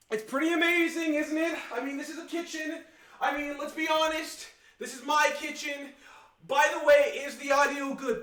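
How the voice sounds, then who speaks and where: High-voiced excitable young man streaming. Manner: excitable, rambling, chatty with viewers. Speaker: livestream host. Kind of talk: casual live-stream chat. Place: home kitchen. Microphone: omnidirectional mic set in the room. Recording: echoey room sound.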